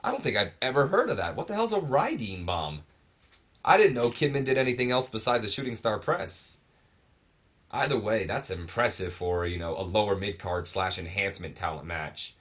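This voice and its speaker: A man's voice: fairly low pitch, normal speed. A man casually commenting on his wrestling game, rambling with lots of fillers. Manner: rambling, relaxed, many fillers. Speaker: host of a wrestling management game series.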